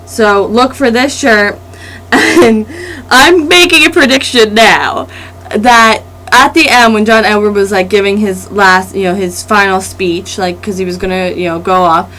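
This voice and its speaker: A young woman vlogging to camera in a casual, rambling and excited way, with restarts and laughs. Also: mid-range voice, measured pace, poor audio.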